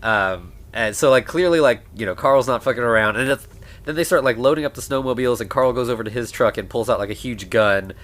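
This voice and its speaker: A man co-hosting a podcast, casually recapping a film and acting out the characters' lines in a lively way. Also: medium pitch, quick pace. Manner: animated, acts out characters' lines while retelling. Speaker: podcast co-host. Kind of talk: casual movie recap chat.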